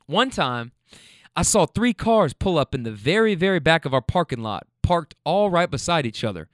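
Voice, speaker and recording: A man spins wild stories from his restaurant server job during a car ride home, speaking in a casual, blunt, profane way. He's animated and laughs at his own stories, with a fairly high pitch and moderate pace. The recording is dry and studio quality.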